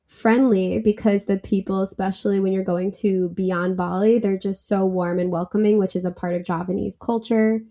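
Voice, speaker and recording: A woman being interviewed as a travel company founder, chatty and animated, laughing easily as she tells stories. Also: mid-range voice, normal speed, hardly any pauses. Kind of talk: casual interview.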